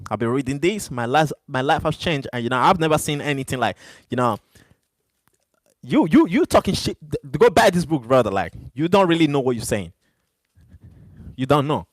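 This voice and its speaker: A man's voice: medium pitch, big pitch swings, normal speed, long pauses, no room sound. A man hosting a live stream, arguing back at chat viewers in a heated, repetitive way, English not his first language. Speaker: livestream host.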